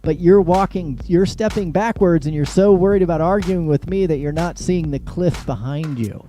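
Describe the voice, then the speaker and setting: A man's voice: on the high side, normal speed, dark tone, faint music behind. A middle-aged man hosting a live political monologue, joking and sarcastic, laughing at his own jokes and mocking others with put-on voices. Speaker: show host.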